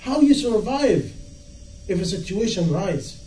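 Impassioned high-voiced preacher in echoey room. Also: male voice, big pitch swings, measured pace, warm tone. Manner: impassioned, rhetorical questions, acts out dialogue. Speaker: Islamic preacher. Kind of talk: sermon. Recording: echoey room, from far off, faint noise.

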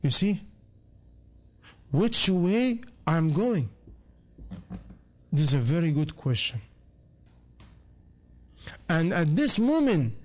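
A man preaching a sermon, his voice sitting notably high for a man. He speaks English with broken, non-native grammar. He keeps pressing his listeners with rhetorical questions and demands for answers. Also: darkish tone. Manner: rhetorical questions put to the audience.

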